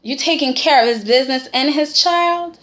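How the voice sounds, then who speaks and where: A woman casually recapping a soap opera episode in a vlog, animated and sassy, talking straight at the characters and tagging lines with "okay?". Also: high-pitched, normal speed.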